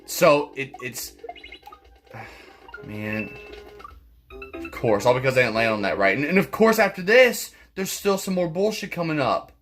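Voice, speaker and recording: This gaming channel host talks through his let's play in a medium-pitched, slightly bright voice, unhurried and full of long pauses. Soft music plays underneath as he swears frequently and stumbles over his words during restarts.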